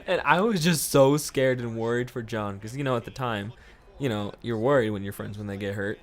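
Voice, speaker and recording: A man's voice: mid-range voice, brisk. Man rambling through a profane story. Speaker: vlogger. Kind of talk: storytime vlog.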